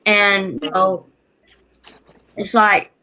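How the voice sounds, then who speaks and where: A woman's voice: medium pitch, little pitch movement, extremely slow, sharp tone, dull audio. A woman with a Southern Louisiana accent chatting casually, often restarting her sentences. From Louisiana, USA. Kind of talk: casual chat.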